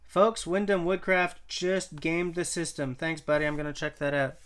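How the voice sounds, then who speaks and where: A man's voice: a little high, steady tone, moderate pace, a bit bright, smooth. A man from Canada hosting a casual live stream, rambling and thinking aloud as he reads and answers viewers' chat. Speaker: livestream host.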